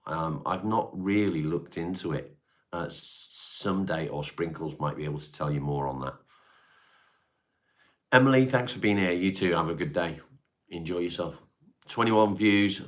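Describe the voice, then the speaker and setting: A laid-back man hosts a live stream, reading viewer comments aloud and responding to them. His very low voice moves at a moderate pace, and he speaks loosely and offhandedly, swearing casually.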